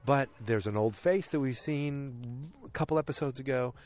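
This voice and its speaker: A man's voice: mid-range voice, normal speed. A man hosting a solo podcast, recapping episodes in a loose, rambling way and often correcting himself mid-sentence. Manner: rambling, frequent self-corrections and restarts; animated when retelling scenes. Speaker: podcast host.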